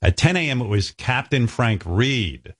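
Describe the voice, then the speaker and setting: A man's voice: mid-range voice, sing-song, measured pace, husky, no room sound, studio quality. Wry, self-mocking male radio host. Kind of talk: casual radio banter.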